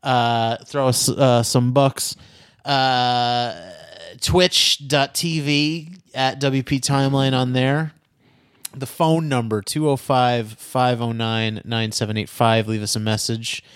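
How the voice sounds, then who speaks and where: A man's voice: medium pitch, flat delivery, slow, clear, resonant tone, no echo, clean studio sound. A man co-hosting a podcast, giving the show's plugs in a loose, rambling way full of fillers. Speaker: podcast co-host. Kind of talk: casual chat and show outro.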